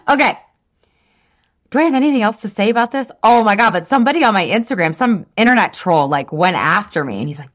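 Chatty woman podcast host, lively pitch. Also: a little fast. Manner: chatty, lots of "like", laughs at herself. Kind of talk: casual solo podcast monologue.

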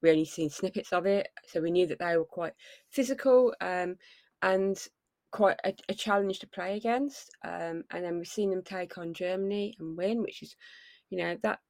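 A woman's voice: on the low side, normal speed, darkish tone, no echo. A woman co-hosting a casual sports podcast, talking in long rambling runs. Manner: rambling, many fillers and restarts. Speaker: podcast co-host.

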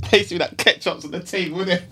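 A man's voice: sits high, pushed and bright, slight background noise. A young man telling a funny story from his football youth days, full of slang and bursts of laughter. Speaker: podcast guest, footballer. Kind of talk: casual storytelling chat.

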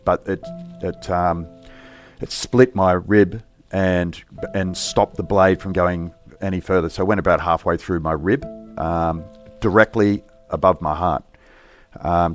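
A middle-aged man, a police officer, recounting a personal story in an interview in a halting, reflective, plain-spoken way. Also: sits low.

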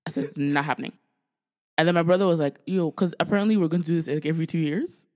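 A woman in her twenties from Canada, co-hosting a casual podcast chat, telling stories with lively energy, swearing freely and acting out what her family said. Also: sits low, very fast. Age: 20s. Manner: animated storytelling, swearing freely, acting out quoted family members. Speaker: podcast co-host.

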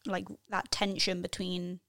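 A woman's voice: lowish voice, flat delivery, unhurried, sharp tone, no echo, studio quality. A woman hosting a podcast, chatting casually and asking loose, rambling questions. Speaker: podcast host. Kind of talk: casual chat.

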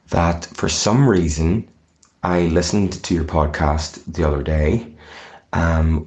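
A man leaving a jokey, rambling voicemail for a podcast, slightly tipsy. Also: deep voice. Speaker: caller. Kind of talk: voicemail message.

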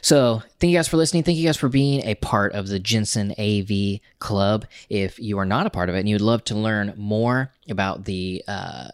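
A man's voice: fairly low pitch, smooth, dry recording, clean studio sound. A young man co-hosting a podcast, chatting loosely with lots of fillers. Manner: loose and rambling, many fillers. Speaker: podcast co-host. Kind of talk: casual chat.

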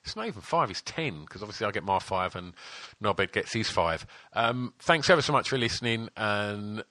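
A man's voice: on the low side, lively intonation, moderate pace, pushed and bright, no echo. A man co-hosting a podcast, talking in a casual, teasing way with lots of swearing and fillers. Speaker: podcast co-host. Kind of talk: casual chat.

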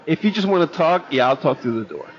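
A man's voice: fairly high pitch, lively intonation, fast talker, slight background noise. Man, podcast co-host, earnest, casual chat, muffled lo-fi recording. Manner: earnest, explains a point with restarts. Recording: dull lo-fi audio.

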